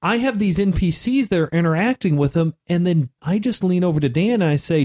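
Playful high-voiced man. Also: expressive, a little fast, few pauses, a little mellow. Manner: playful, jokey. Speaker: podcast co-host and game master. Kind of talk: casual chat.

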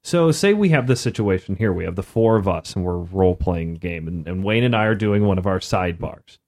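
A man co-hosting a casual podcast chat about role-playing games, telling stories with lively asides. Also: deep voice, fairly quick. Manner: animated storyteller, slips into mock voices. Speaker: podcast co-host.

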